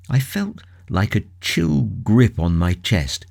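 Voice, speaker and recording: A man reads a classic novel aloud in a grave, measured way, his fairly low voice taking it slow and unhurried. His pitch rises and falls widely, giving the narration a dramatic lift. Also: big pitch swings, vocal fry, a little mellow. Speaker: audiobook narrator.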